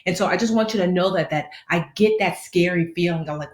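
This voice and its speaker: A woman's voice: fairly low pitch, brisk, few pauses, roomy sound. A woman in her thirties with a slight lisp, giving casual, slangy money advice and playfully acting out the people she quotes. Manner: animated, playful, slangy, acts out quoted voices. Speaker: personal finance host. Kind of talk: casual live-stream advice talk.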